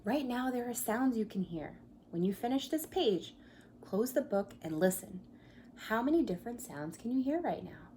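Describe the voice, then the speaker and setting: A pre-K teacher with a slightly high, very animated voice reads to young children at a moderate pace, with a little hiss or hum audible. She sits by a coffee table in her home, acting out the animal sounds from the picture book and prompting the kids to join in. She drops to a whisper whenever the story grows quiet.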